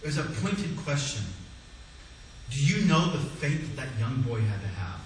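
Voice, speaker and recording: A male pastor preaching a sermon, swinging between loud exclamations and hushed low phrases. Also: big pitch swings, moderate pace, a little hiss or hum. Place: church sanctuary. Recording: echoey church hall, mic at a distance.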